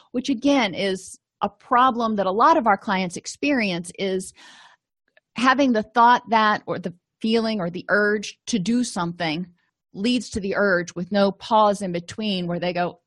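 A woman's voice: medium pitch, moderate pace, fairly bright tone, no room sound. A woman counselor giving a conversational lecture, explaining ideas with everyday examples. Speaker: counselor and educator. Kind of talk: lecture-style teaching.

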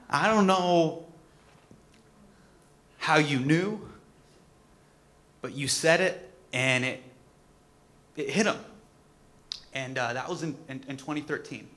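A comedian in his thirties giving a personal tribute speech, telling a story with lively acted-out moments. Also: on the high side, takes it slowly, pauses often. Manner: animated storytelling, acts out quotes.

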